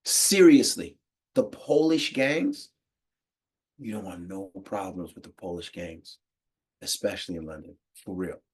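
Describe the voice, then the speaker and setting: An American man giving a casual, slangy monologue to the camera, animated and quick to laugh. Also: sits low, slightly rough. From United States. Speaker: podcast host.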